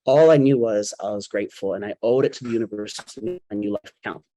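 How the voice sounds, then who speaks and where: A man's voice: fairly low pitch, fast talker, mellow, a little hiss or hum, poor audio. A man from Canada, telling a dramatic personal story on stage and acting out the quotes. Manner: dramatic, acts out quotes in vivid retelling.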